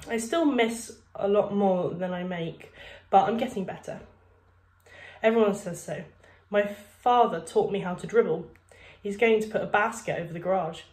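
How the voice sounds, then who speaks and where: A woman voicing an anxious, excitable schoolboy who blurts things out and whines tearfully. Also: mid-range voice, echoey room, lightly acted.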